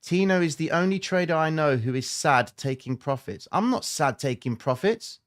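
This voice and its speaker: A man's voice: on the high side, animated, moderate pace, few pauses. A man hosting a trading livestream, talking casually and emphatically to his viewers with slangy asides.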